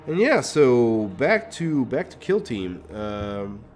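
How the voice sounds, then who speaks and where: A man's voice: medium pitch, sing-song, slow pace, darkish tone, soft background music. A Hungarian man chatting casually on a live stream while painting, thinking aloud, muttering to himself and swearing now and then.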